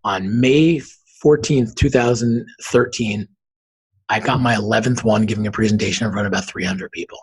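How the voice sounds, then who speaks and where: A man in his forties tells a personal story as a podcast guest. His voice is husky and raspy and pitched low. He acts out the dialogue as he goes. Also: moderate pace, poor audio. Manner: animated storyteller acting out quoted dialogue. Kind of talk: storytelling in an interview.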